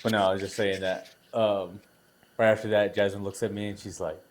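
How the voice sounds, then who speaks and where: A man tells a rambling story fast and with animation, his voice a touch high. He sits far from the mic, so the room echoes strongly around him, with faint noise behind. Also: level tone. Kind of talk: casual chat. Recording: roomy and distant from the mic.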